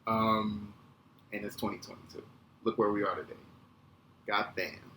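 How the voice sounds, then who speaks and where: A man in his thirties hosting a podcast, telling a casual, animated, profane story. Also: on the low side, normal speed. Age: 30s. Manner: animated, profane, acts out quotes. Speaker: podcast host. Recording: echoey room with faint ambient noise.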